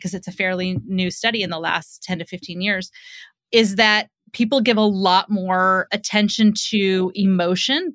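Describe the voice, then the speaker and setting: Middle-aged woman therapist talking on a podcast, bright tense voice, super dry close sound, chatty with lots of you-knows. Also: medium pitch, no echo. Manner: explanatory, warm and conversational, with many fillers. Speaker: guest psychotherapist and author. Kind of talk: podcast interview conversation.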